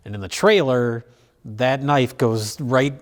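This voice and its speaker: A man's voice: mid-range voice, takes it slowly, noisy background. Guy rambling about movies w lots of ums and restarts, casual review chat. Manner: rambling, many fillers and restarts, laughs easily. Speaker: film review show host.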